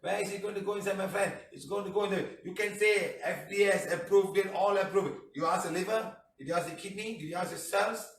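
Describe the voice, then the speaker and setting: Male healing teacher, high-pitched, scolds and jokes; distant mic, echoey room. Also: quick pace, few pauses. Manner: chiding, joking, keeps asking "huh?". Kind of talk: lecture.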